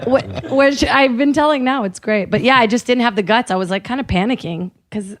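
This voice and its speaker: A woman's voice: on the high side, fairly quick. A woman comedian guesting on a podcast, chatting playfully and laughing often. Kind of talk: casual comedic banter.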